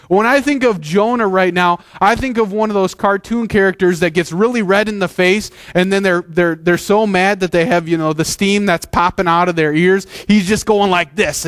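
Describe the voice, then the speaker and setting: A man's voice: high voice, dry recording, clean studio sound. A man preaching a sermon as pastor, earnest and conversational, with frequent restarts.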